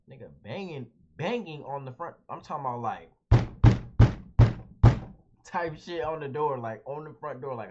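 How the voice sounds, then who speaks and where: A young man telling a story casually as a vlogger, animated and slangy, calling everyone "bro". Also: mid-range voice, a little hiss or hum. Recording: dull lo-fi audio.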